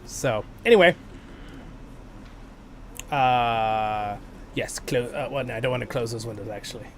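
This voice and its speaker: A man's voice: mid-range voice, a little slow, crowd noise. A man casually talking his viewers through a video game on a livestream, rambling and correcting himself as he goes. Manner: chatty, rambling, self-correcting. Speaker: livestream host.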